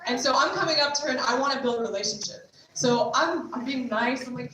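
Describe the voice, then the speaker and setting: A young American woman, a trauma care trainer and street outreach worker, gives a chatty training talk to a group and often acts out quoted dialogue. Her high voice is fairly quick with hardly any pauses, recorded from far off in an echoey hall with faint noise.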